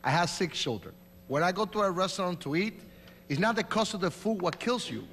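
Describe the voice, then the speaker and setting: High-pitched puerto rican-accented guy in his 40s, pushy debate answers, echoey hall w faint hum. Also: animated, a little fast, a bit bright. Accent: Puerto Rican Spanish. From New York. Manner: emphatic, insistent, broken English grammar. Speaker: mayoral candidate. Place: large hall at a live debate.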